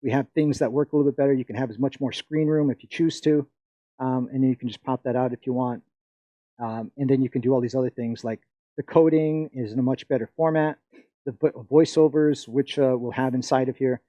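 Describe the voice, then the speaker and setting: A man's voice: medium pitch, steady tone, brisk, dry recording, highs cut off. A middle-aged man from the Philippines presenting a live workshop, rambling and chatty with many fillers and frequent laughs.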